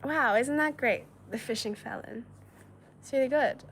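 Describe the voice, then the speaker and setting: A woman's voice: sits high, moderate pace, fairly bright tone, a little hiss or hum. A woman from China hosting a casual livestream, reading viewer messages aloud in a chatty, giggly way with lots of filler words. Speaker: livestream host.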